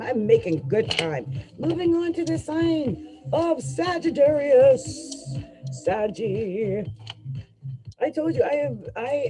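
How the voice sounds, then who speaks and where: A woman gives a casual tarot reading in a chatty, upbeat way, talking straight to the listener and breaking into quick laughs. Her voice sits at a middle pitch for a woman. Clear music plays underneath her. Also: rough recording. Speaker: tarot reader.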